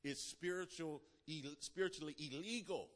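Male pastor, sermon delivery, call-and-response, drops from emphatic to near-hushed; long hall reverb. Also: fairly high pitch, moderate pace.

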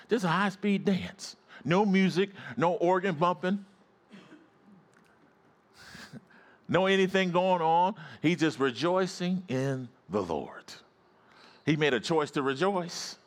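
A male preacher delivering a sermon to his congregation. He repeats key phrases and calls on the listeners to say words back to him. His voice drops low for stories and climbs high for exclamations. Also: animated, slow pace, pauses often. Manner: repetitive, call-and-response preaching; swings from low storytelling to high rising exclamations.

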